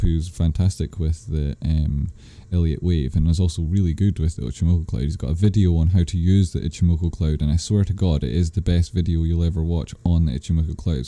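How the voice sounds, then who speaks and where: A man with a low, very dark voice hosts a live stream. He reads viewers' questions aloud and answers in a loose, rambling way, correcting himself often. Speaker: livestream host answering chat. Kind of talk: casual live-stream chat.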